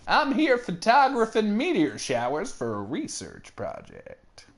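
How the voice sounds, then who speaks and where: A woman's voice: medium pitch, huge pitch swings, a little slow, voice pushed up. A woman doing a drawling Southern country gal. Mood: folksy. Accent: Southern US, put on. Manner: drawling, chatty, homespun sayings. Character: folksy young Southern woman photographer.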